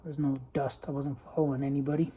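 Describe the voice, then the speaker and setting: A man's voice: medium pitch, level tone, fast, warm tone, slightly rough. Rambling man fixing a valve. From Los Angeles County. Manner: rambling, offhand, talks while working. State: slightly choked up, clearing throat. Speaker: DIY repair vlogger. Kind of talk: casual hands-on how-to narration. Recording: noticeable background noise.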